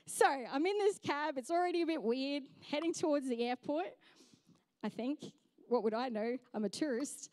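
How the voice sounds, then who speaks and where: A bright, high-voiced young woman preaching from a church stage. She tells her story with humor and poking fun at herself, and her voice sounds close and dry. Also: expressive, normal speed, no room sound. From Australia. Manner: storytelling, humorous, self-mocking. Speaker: pastor. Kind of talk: sermon.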